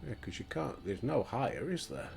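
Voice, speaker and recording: A man's voice: mid-range voice, expressive, moderate pace, creaky, a little mellow. An older Yorkshire man chatting casually and swearing as he plays a game at home. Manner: chatty, swears and laughs often. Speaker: gaming streamer. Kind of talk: casual gaming commentary. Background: faint game music.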